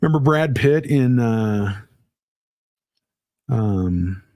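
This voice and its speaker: Slow-talking man rambling on a livestream. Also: fairly low pitch, animated, darkish tone, no room sound. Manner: rambling, playful, trails off with fillers. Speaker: livestream host. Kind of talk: casual livestream chat reading comments.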